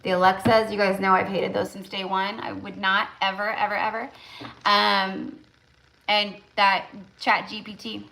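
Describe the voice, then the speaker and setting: A woman's voice: mid-range voice, flat delivery, measured pace, creaky, sharp tone, low-quality recording. A woman tarot reader hosting a casual live stream, talking emphatically with lots of repetition and fillers.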